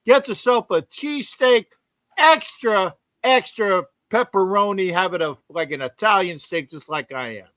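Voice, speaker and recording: Man doing a loud, streetwise South Philly guy with a put-on accent, cocky and bright-voiced. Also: high voice, moderate pace, no room sound. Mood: swaggering. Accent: put-on South Philadelphia. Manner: loud, swaggering, streetwise bluster. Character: brash South Philly tough guy, cheesesteak fan. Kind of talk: podcast bit.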